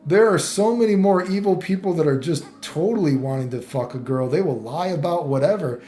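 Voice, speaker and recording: A man talks loosely to camera, swearing often and circling back with "you know what I mean". His mid-pitched voice rings around a roomy space. Faint music plays underneath. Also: fairly quick, mellow. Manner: rambling, profane, many fillers and restarts. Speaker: vlogger. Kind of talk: casual rambling commentary.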